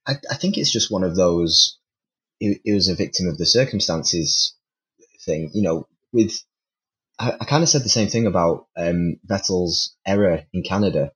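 A man's voice: low voice, animated, moderate pace, a bit bright, low-quality recording. A man on a casual panel, giving his opinion in rambling sentences full of restarts and the odd laugh at himself. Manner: rambling, many restarts, self-deprecating laughs.

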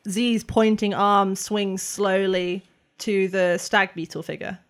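A woman running a tabletop role-play as game master, describing scenes in a measured way and asking the players what they do. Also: mid-range voice, little pitch movement.

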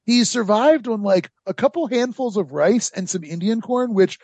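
High, gravelly-voiced man rambling through history. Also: animated, moderate pace, darkish tone, dry recording. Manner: rambling, sarcastic asides, many fillers. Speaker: podcast host. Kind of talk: casual history podcast narration.

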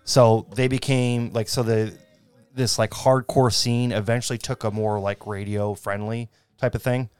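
A man in his thirties co-hosting a podcast, chatting in a rambling way and quick to laugh. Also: medium pitch, level tone, smooth, soft background music. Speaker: podcast co-host. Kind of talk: casual chat.

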